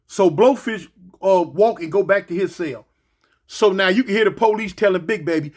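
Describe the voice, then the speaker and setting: A man telling a lively story, repeating phrases and making sound effects. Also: high voice, normal speed. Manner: animated, repetitive, sound effects.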